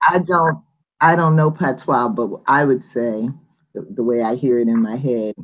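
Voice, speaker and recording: A woman moderating a casual discussion over a video call, animated and quick to laugh. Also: a bass voice, poor audio.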